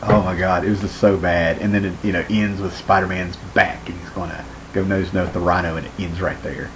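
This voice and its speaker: A man's voice: low-pitched, steady tone, quick pace, background noise. A man giving a casual, rambling movie review, full of "you know" fillers and frequent chuckles.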